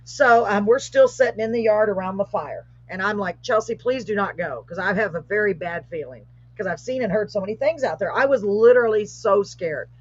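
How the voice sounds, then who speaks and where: A middle-aged woman, hosting a live show and telling a paranormal story in a casual, animated way, with rising excitement. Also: mid-range voice, fairly quick, hardly any pauses, husky. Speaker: host. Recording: muffled lo-fi live stream audio.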